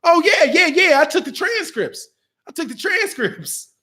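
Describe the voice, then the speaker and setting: A man's voice: very high voice, very animated, a little slow, pushed and bright, voice pushed up, exaggerated voice. A man voicing a chatty young woman office worker in an eager, breezy manner.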